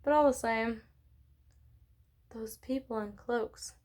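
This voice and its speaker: A woman reading a children's novel aloud in an expressive way, with small slips and self-corrections. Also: a little high, takes it slowly. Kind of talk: read-along book narration.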